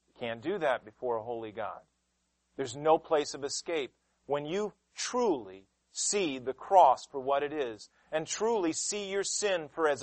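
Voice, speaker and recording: A man preaching a sermon with passion, swinging between loud emphatic lines and hushed ones. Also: on the high side, dry recording, poor audio. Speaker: pastor.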